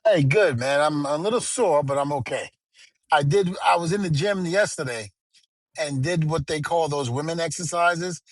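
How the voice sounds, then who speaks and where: A middle-aged man co-hosts a podcast, telling stories in a playful, casual way and acting out the quoted dialogue. His voice sits a little high and moves at a normal speed, with no echo.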